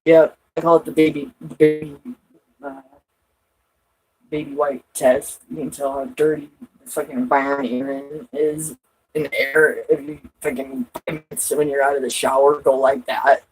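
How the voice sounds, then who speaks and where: A woman's voice: low-pitched, steady tone, moderate pace, darkish tone, husky, poor audio. Rambling, foul-mouthed woman vlogger. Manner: rambling, swears a lot, laughs often. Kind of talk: casual rambling chat.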